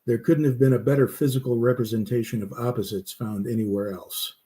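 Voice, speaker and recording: A man telling a campfire story at a middling pitch, steady in his delivery. He makes small slips and restarts and then carries on. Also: brisk. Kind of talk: storytelling narration.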